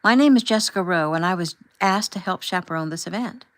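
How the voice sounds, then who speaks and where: A prim, self-important chaperone , put on by a woman narrator, who sounds flustered and defensive. Her replies come out prissy and rise above the narrator's own lowish voice. It is an audiobook reading. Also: a little fast, no room sound, close to an everyday voice.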